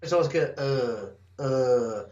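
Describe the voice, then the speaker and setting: A man, a wrestler telling stories in a casual interview, animated and acting out voices, swearing now and then. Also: mid-range voice, slow. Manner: animated storyteller, acts out crowd and promoter. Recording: echoey room, muffled lo-fi sound.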